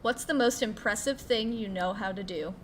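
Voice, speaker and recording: A woman's voice: mid-range voice, normal speed, a little hiss or hum. A woman from Ohio with a Midwestern American accent, chatting casually on a live game stream, reading viewer questions and swearing now and then. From Ohio, USA. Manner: chatty, playful, swears casually, squeals at pets. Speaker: Twitch streamer.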